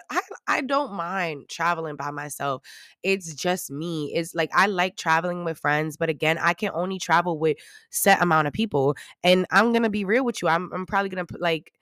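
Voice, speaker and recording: A young woman with a New York accent, hosting a casual podcast and telling stories in a sassy, animated way with plenty of swearing. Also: on the low side, clean tone, no room sound, clean studio sound. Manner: animated, sassy, swears freely, jumps into loud mocking voices. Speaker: podcast host. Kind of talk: casual storytelling chat.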